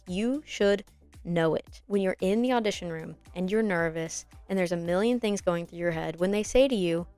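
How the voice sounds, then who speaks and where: A woman's voice: mid-range voice, clear, resonant tone, dry recording. A young adult woman hosting a podcast and teaching auditions, explaining in a friendly, encouraging way with worked examples. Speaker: podcast host and acting coach. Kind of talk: casual instructional podcast talk.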